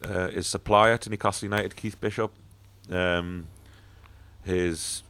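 A man hosts a casual football podcast in a deep, low voice. He talks bluntly, swears freely and stumbles through fillers and restarts. The sound is dry and close, with no room echo. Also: flat delivery, a little slow, a bit bright, clear, resonant tone. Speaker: podcast host.

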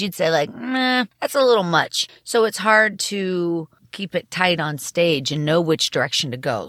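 A woman comedian as a podcast guest, telling candid stories in lively, casual conversation. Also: low-pitched, no echo, studio quality. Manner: animated storyteller, candid. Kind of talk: casual interview chat.

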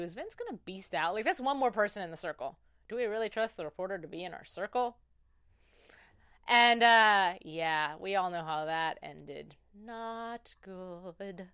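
A woman's voice: medium pitch, fairly bright tone, clean tone, no echo, clean studio sound. A woman hosting a casual recap podcast, chatty and rambling, often cutting herself off mid-thought. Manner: chatty, rambling, self-interrupting. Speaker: podcast host.

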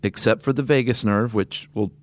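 A man's voice: lowish voice, normal speed, dry recording. A man co-hosting a podcast in casual chat, wry and teasing, often laughing as he tells stories. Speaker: podcast co-host.

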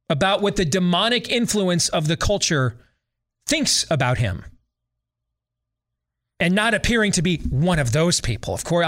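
A man's voice: high-pitched, a bit bright. A man hosting a podcast, giving sarcastic, opinionated commentary with mocking repetition. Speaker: podcast host.

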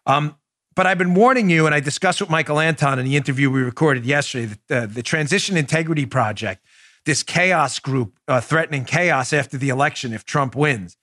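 A man's voice: fairly high pitch, brisk, bright, forceful tone, no room sound. Indignant male podcast host, dry sound. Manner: emphatic, indignant, addresses listeners directly. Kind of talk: political commentary show.

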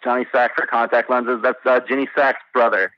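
A man's voice: medium pitch, little pitch movement, brisk, no echo. Hesitant male caller on a dull phone line. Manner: hesitant, thinks aloud with many fillers. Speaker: caller playing a trivia quiz. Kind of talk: casual quiz answers over the phone.

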